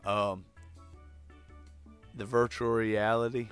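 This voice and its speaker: A man chatting casually and excitedly retelling funny scenes. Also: on the low side, slow, clean tone, no echo, soft background music. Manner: excited retelling, acting out quotes. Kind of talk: casual chat.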